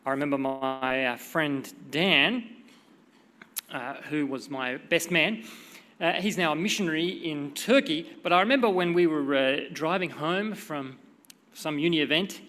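Bright-voiced middle-aged preacher in a reverberant hall. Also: male voice, fairly high pitch, unhurried. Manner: conversational, expressive, reads scripture dramatically. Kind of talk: sermon with prayer and storytelling.

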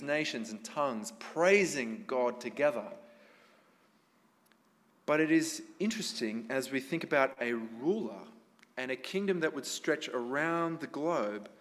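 A man preaching a sermon to a congregation in a conversational way, often asking them questions. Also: medium pitch. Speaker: pastor. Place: church hall with congregation. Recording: long hall reverb.

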